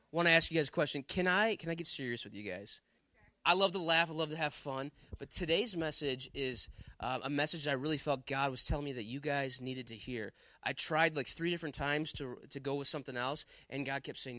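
A man's voice: high voice, sharp tone, no echo. A man from Wisconsin preaching to a live audience, telling a chatty comic story before turning earnest. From Wisconsin, USA.

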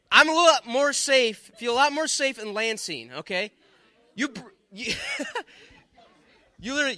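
A man's voice: sits high, sharp tone, no echo. A man from Wisconsin preaching to a live audience, telling a chatty comic story before turning earnest. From Wisconsin, USA.

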